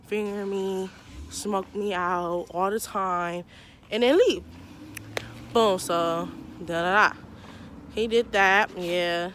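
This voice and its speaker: A woman's voice: medium pitch, a bit bright, a little hiss or hum. A young woman tells a casual storytime, animatedly acting out both sides of the dialogue. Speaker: vlogger telling a personal story.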